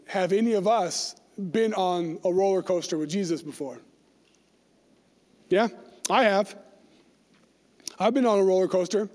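A man's voice: very high voice, a little mellow. A man giving a casual Bible lesson, conversational, often asking "right?" and acting out the people in the story. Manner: conversational, acts out quoted voices, asks "right?". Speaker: Bible teacher. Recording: long hall reverb.

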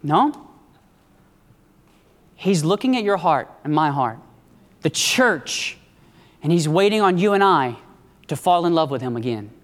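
A woman preacher delivering a sermon, calling for amens from the congregation and swinging between high emphatic lines and low hushed ones. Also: lively intonation, measured pace, pauses often. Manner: call-and-response, asking the congregation for amens. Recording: long hall reverb.

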